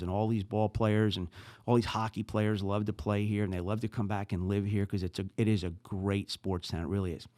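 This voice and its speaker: A middle-aged man from New Jersey with a New Jersey accent, hosting a podcast in casual, animated chat and talking with his hands. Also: lowish voice, clean tone, dry recording, clean studio sound. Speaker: podcast host.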